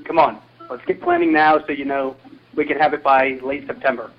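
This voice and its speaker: A man's voice: mid-range voice, fairly even intonation, fairly quick. A man leaving a voicemail for a podcast, loose and slightly slurred. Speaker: caller. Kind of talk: voicemail message. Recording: dull lo-fi phone message.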